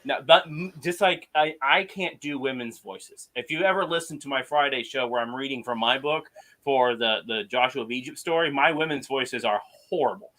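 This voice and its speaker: A man hosting a podcast, chatting casually and telling stories with animated emphasis. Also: medium pitch, moderate pace. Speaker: podcast host. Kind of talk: casual conversation.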